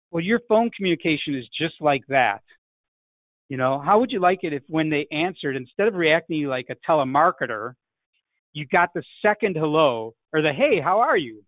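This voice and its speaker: Sales coach, male, fairly high voice, emphatic, thin phone-like sound. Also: no room sound. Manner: emphatic, frequent "right?" tags. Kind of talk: online sales class. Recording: tinny phone-like line, dry.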